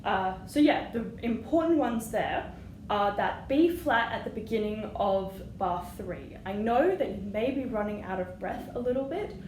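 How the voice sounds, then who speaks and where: A woman's voice: mid-range voice, animated, a little slow, a little mellow. A woman teaching flute, patient and encouraging, singing rhythms aloud as she explains. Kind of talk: music lesson. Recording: echoey room with audible noise.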